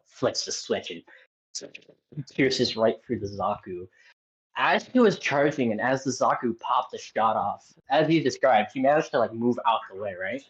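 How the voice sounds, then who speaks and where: Rambling tabletop player, slightly muffled. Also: mid-range voice. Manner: rambling, with many likes and restarts. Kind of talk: casual narration of a tabletop game.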